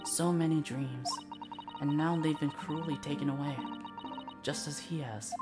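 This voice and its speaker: A woman doing a soft, polite young assistant. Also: sits low, fairly even intonation, a little slow. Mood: grieving. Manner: soft, mournful. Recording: voice over loud game music.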